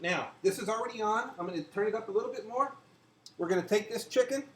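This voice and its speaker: The host is an older man whose voice sits high and moves fast, chatting his way through a casual kitchen cooking demonstration and guiding viewers step by step. There's noise in the background.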